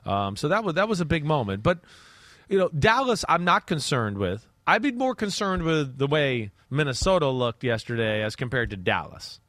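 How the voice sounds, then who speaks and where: A man's voice: a little high, big pitch swings, normal speed, a bit bright, no echo. A man giving casual football analysis in a loose, rambling way with restarts and the odd curse. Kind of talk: casual sports talk.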